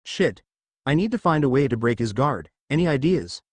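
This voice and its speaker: A man's voice: mid-range voice, big pitch swings, normal speed, dry recording. A man voicing a tense, frustrated schoolboy swordsman in the middle of a fight. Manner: tense and frowning.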